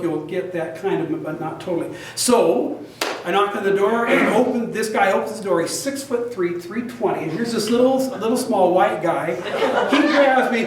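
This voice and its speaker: A man's voice: high-pitched, a little hiss or hum. An older man giving a talk to an audience, chatty, telling a personal story and laughing along with it. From United States. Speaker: guest speaker. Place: meeting room, recorded from across the room. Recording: very echoey, distant room recording.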